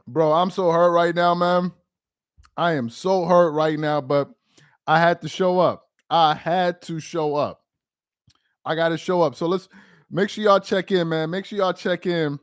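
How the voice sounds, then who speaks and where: A man's voice: on the high side, fairly even intonation, measured pace, clear, resonant tone, no echo, clean studio sound. Dejected man hosting a livestream. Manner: dejected, repetitive, rambling. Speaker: sports livestream host. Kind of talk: casual live-stream chat.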